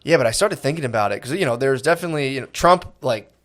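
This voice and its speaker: A man's voice: medium pitch, lively intonation, fast. A man co-hosting a podcast, telling rambling, profane stories in casual banter and laughing as he talks. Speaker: podcast co-host.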